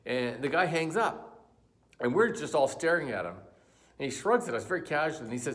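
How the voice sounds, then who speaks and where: A man's voice: fairly high pitch, big pitch swings, fairly quick, fairly bright tone. A man giving a church sermon, telling a joke story and reading scripture, with frequent fillers and restarts. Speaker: pastor.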